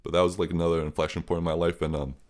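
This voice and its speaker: A man's voice: low voice, little pitch movement, rapid-fire, darkish tone. A young man who is a guest on an interview podcast, telling a story in an earnest, rambling way full of fillers.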